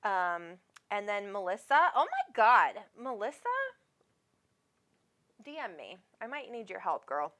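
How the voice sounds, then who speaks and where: A woman's voice: medium pitch, big pitch swings, unhurried, pauses often, a bit bright. A middle-aged woman hosting a live psychic reading show, talking to callers in a rambling, affectionate way with lots of fillers. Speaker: psychic medium host.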